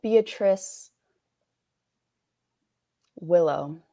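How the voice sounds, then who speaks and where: A woman's voice: lowish voice, drawn-out words, dark tone. A woman taking part in an improv game, speaking in an easygoing, hesitant way. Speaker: improv player.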